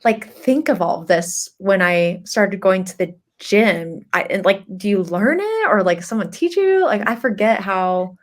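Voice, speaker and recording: A woman's voice: mid-range voice, lively intonation, a little slow, hardly any pauses. A woman who works as a personal trainer, co-hosting a podcast and chatting casually with lots of "like" fillers. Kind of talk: casual chat.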